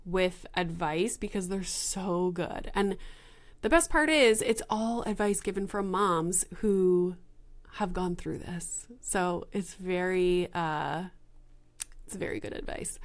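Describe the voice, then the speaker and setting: A young adult woman hosting a solo podcast, talking casually and frankly with swearing and many fillers. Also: fairly low pitch. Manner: frank and chatty, swears freely. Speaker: podcast host.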